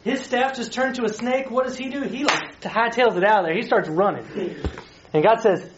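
Man preaching casually, playful and chatty, fairly high voice, dull recording. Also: normal speed. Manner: chatty, playful, questions the group. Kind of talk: casual sermon retelling a Bible story. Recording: slightly dull recording with faint hiss.

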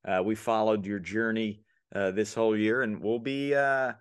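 A man hosting a podcast, encouraging and giving advice to parents and coaches in a relaxed chat. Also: fairly low pitch, moderate pace, smooth, no echo, studio quality. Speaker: podcast host.

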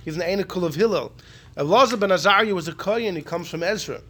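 Animated high-voiced man lecturing. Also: quick pace. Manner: animated, repeats key points, answers student interruptions. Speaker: Torah class teacher. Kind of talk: Talmudic lecture.

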